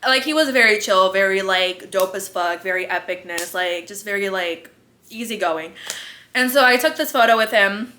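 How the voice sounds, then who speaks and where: A woman's voice: mid-range voice, normal speed, bright, forceful tone. A young woman telling a story in a casual vlog, slangy and profane, rambling with fillers, out of breath and congested. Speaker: vlogger.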